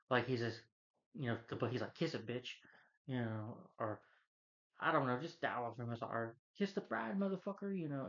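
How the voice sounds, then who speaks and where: A man talking through a movie review in a loose, rambling rant, heavy on fillers, restarts and swearing. His voice sits at a middle pitch. The recording is a little dull and lo-fi. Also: a bit bright. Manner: rambling, casual and profane, with many fillers. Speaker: film reviewer.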